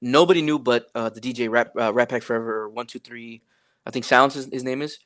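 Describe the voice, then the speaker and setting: A man's voice: medium pitch, fast, no echo, studio quality. A young man, a rapper guest on a podcast, telling a story casually, with lots of fillers and swearing. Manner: laid-back, profane, many fillers, animated retelling.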